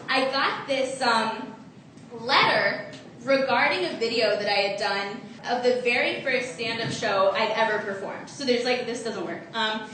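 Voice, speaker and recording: A woman's voice: fairly high pitch, unhurried, bright, forceful tone, very echoey, recorded from a distance, slight background noise. A woman in her twenties doing a self-mocking stand-up comedy set. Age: 20s.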